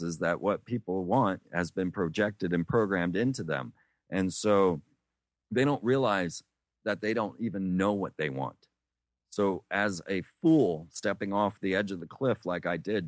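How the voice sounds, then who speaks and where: A man's voice: deep voice, no room sound. A man from the United States telling meandering life stories in an interview, full of restarts and fillers. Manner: meandering, many restarts and fillers, acts out quoted voices. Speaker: interview guest. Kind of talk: rambling storytelling.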